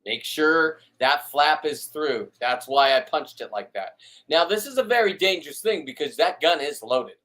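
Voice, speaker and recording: A man's voice: a little high, expressive, moderate pace, pushed and bright. A man chatting casually as a fisherman hosting a live stream, rambling and blunt, with stammered restarts and swearing.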